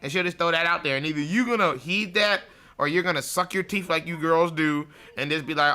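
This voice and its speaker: A man's voice: on the high side, fairly quick, sharp tone. A man hosting a livestream, delivering a blunt, profane, mocking monologue and laughing at his own jokes. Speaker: show host.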